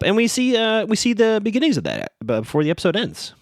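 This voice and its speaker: A man podcast host rambles through an episode recap, sarcastic and amused. His pitch jumps around a lot, and the sound is dry and close. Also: huge pitch swings, quick pace, hardly any pauses, dry recording.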